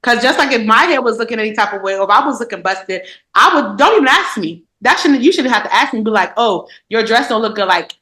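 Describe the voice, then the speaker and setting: A woman's voice: fairly high pitch, fast. A woman in casual podcast chat, telling blunt stories and acting out quotes from friends. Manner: blunt, animated storytelling with acted-out quotes. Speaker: podcast co-host. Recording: roomy echo.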